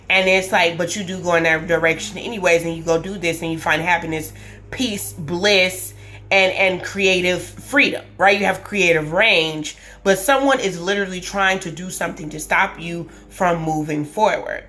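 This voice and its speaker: A woman's voice: on the low side, moderate pace, a bit bright. A woman giving a casual tarot reading to camera, emphatic and repetitive, restating her points as she thinks aloud. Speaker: tarot reader.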